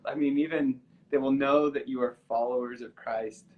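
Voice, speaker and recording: On a live stream, a musician guest tells a story earnestly and with emotion, restarting his sentences many times. His voice is medium in pitch, steady and moderately paced, captured with phone-quality sound in a casual storytelling chat.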